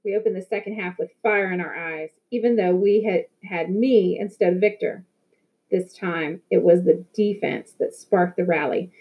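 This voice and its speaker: A woman reading a novel aloud in first person, telling the story in a lively way with occasional restarts. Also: lowish voice, normal speed, narrow, tinny audio. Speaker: audiobook reader.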